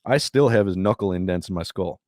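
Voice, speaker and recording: Low-voiced man telling a rowdy story. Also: brisk, no echo, studio quality. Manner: profane, laughing, energetic storytelling. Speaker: podcast guest, jiu-jitsu brown belt and former MMA fighter. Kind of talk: casual storytelling.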